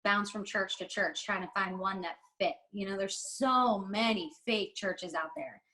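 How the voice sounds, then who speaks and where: A woman guest on a podcast, speaking in a heartfelt, emphatic way. She rambles, restarts and stresses her words as she talks openly in an interview. Her pitch sits in an ordinary middle range for a woman. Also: a little slow, bright, forceful tone, low-quality recording. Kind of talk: candid interview talk.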